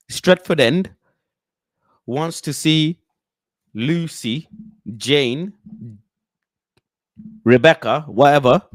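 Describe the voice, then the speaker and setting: A man from the UK hosting casual football chat, animated and slangy, often breaking into chants and impressions. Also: a little high, dry recording. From United Kingdom. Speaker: football channel host.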